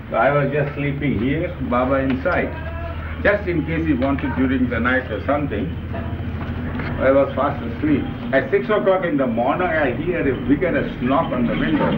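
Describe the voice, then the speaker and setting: A man telling lively, emphatic anecdotes about his time as a companion, recorded on old videotape. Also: mid-range voice, background noise. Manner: lively, emphatic retelling with acted-out quotes. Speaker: storyteller recalling his years as a companion. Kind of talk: informal anecdotal storytelling. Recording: dull lo-fi 1970s reel-to-reel videotape.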